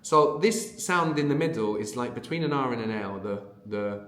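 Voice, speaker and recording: A man's voice: mid-range voice, animated, normal speed, fairly bright tone, reverberant. A man teaching a language lesson, explaining patiently and conversationally, often checking in with a questioning "no?". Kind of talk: unscripted audio language lesson.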